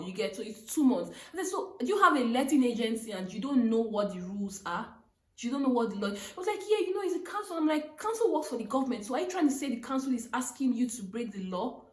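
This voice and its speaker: A woman's voice: sits high, a little mellow, roomy sound. A young woman from Africa vlogging a storytime, retelling an argument with rising, emphatic outbursts. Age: young adult. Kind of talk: animated storytime. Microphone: phone.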